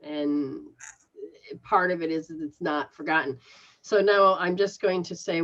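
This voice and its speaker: A woman hosting a call-in show, giving a spiritual reading in a slow, halting way and laughing often. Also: sits low, a bit bright, highs cut off. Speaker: psychic reader, show host.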